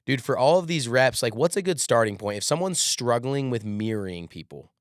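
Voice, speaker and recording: A man's voice: mid-range voice, lively intonation, brisk, no room sound, studio quality. A man hosting a sales training show, coaching his audience and calling them "guys" and "dude". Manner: addresses listeners as "guys" and "dude". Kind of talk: coaching interview.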